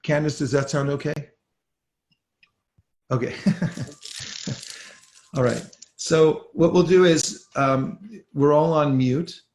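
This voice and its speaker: A man teaching a guided mantra meditation class over a video call, speaking slowly and hesitantly with many pauses. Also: fairly high pitch, darkish tone, roomy sound. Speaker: spiritual teacher.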